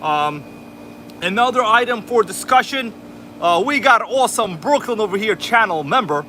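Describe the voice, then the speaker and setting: With a New York accent from Queens, this RC livestream host calls out viewers by name in a hyped, exaggerated announcer manner on a casual stream. His high-pitched voice is animated and sharp at a moderate pace; an air conditioner runs in the indoor room, and there's a little hiss or hum.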